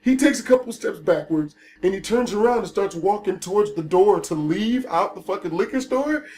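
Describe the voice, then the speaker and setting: A man telling a story in casual, profane storytime style, animated and laughing at his own tale. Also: high-pitched, moderate pace. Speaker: YouTube storyteller.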